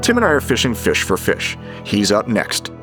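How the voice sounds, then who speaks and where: Low-voiced male narrator over music. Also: wildly swooping pitch, normal speed. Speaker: fishing show host. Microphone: studio voice-over.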